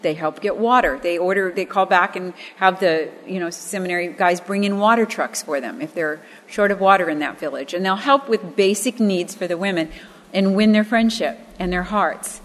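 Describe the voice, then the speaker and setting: A woman's voice: lowish voice, normal speed, in a large hall. A woman teaching from the Bible in an earnest, storytelling manner, pressing hard on key phrases and weaving in personal stories.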